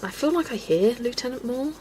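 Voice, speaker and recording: A woman's voice: on the high side, animated, fairly quick, darkish tone, a little hiss or hum, poor audio. A woman, chatting casually on a colouring livestream, laughing often and ranting playfully. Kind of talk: casual live-stream chat while colouring.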